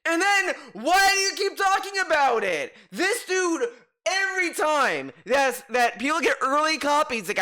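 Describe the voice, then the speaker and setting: A man's voice: extremely high pitch, big pitch swings, unhurried, pushed and bright. A man ranting in reaction commentary, sarcastic, profane and exasperated. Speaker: commentary YouTuber.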